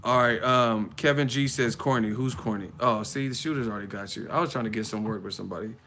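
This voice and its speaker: A man hosting a boxing live stream, mocking viewers in a profane, fast-riffing rant. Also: mid-range voice, pushed and bright, a little hiss or hum.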